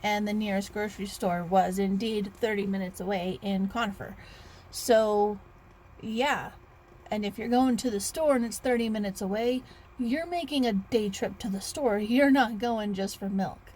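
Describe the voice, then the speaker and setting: A woman's voice: mid-range voice, normal speed, darkish tone. A woman in her thirties, chatting casually in a rambling vlog with restarts and sighs. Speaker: author vlogger.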